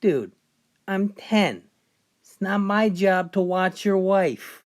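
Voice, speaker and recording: A woman's voice: medium pitch, takes it slowly. A woman voicing a cheeky, mouthy young boy with blunt punchlines.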